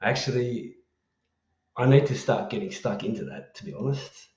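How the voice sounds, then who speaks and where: An Australian man hosting a casual live chat, rambling and affectionate as he repeats himself through shout-outs to viewers. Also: mid-range voice, normal speed. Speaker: host of an online community live chat. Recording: roomy and dull lo-fi sound.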